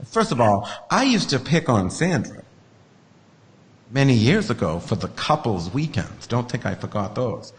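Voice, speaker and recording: A man's voice: mid-range voice, sing-song, unhurried, big-room sound. A man hosting a casual podcast chat, ranting in a profane, sarcastic way. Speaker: host.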